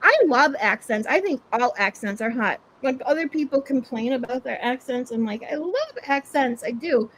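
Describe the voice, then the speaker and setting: A woman hosting a relaxed stream chat, her voice sitting a little high for a woman. She giggles often and swears casually as she talks. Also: normal speed, few pauses, a little hiss or hum, rough recording. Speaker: stream host.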